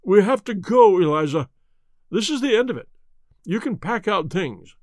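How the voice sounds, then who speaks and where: Male narrator doing a stammering, pleading butler, audiobook; high and lively, dry. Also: normal speed, no echo. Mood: defiant. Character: nervous, cornered middle-aged male butler.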